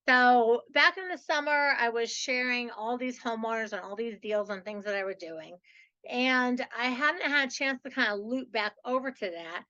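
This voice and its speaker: A woman's voice: on the high side, bright, forceful tone, lo-fi sound. A woman hosting her own podcast, talking in a chatty, enthusiastic way that is full of "like" and "so". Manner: chatty, enthusiastic, says "like" and "so" often. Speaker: podcast host. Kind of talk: upbeat podcast monologue.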